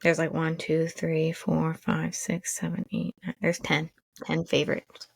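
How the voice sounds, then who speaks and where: A woman's voice: low-pitched, monotone, a little slow, creaky, slightly rough, dry recording. A woman co-hosting a podcast in casual chat, talking loosely with lots of fillers and laughing easily. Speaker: podcast co-host.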